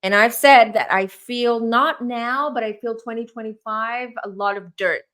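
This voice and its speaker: A woman's voice: a little high, measured pace, fairly bright tone. A woman in her thirties, a clairvoyant tarot reader hosting a casual chat, talking earnestly and repeating herself as she goes. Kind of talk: casual spiritual reading chat.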